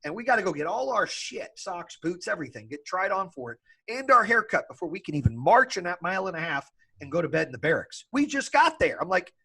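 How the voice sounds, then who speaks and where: A man hosting a podcast, telling a story in a casual, animated way, swearing freely and laughing as he talks. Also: high-pitched, quick pace, hardly any pauses, breathy edge. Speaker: podcast host.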